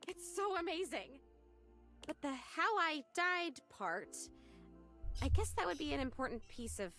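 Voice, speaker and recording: A woman's voice: high voice, lively intonation, a little slow, sharp tone, soft background music, heavily acted. A woman voicing a bubbly, trusting young woman ghost in a video game, gushing and full of wonder. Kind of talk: voiced video game dialogue.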